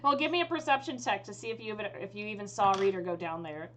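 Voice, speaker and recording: A woman's voice: medium pitch, animated, fast talker, fairly bright tone, a little hiss or hum. A woman running a tabletop game as dungeon master, describing scenes in a casual, rambling way.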